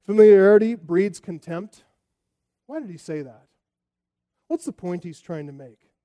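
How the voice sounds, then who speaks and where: A man's voice: fairly high pitch, huge pitch swings, moderate pace, highs cut off. A man preaching a sermon, emphatic and rising and falling, sometimes acting out the taunts of a crowd. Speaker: pastor.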